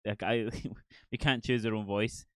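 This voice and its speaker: A man's voice: lowish voice, fairly even intonation, measured pace, no room sound. A man hosting a casual podcast chat, rambling and self-deprecating, laughing often. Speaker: podcast host.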